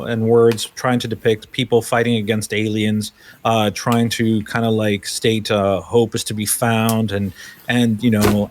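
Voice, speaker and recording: A man running a tabletop role-playing game as game master, describing scenes loosely with many fillers. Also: medium pitch.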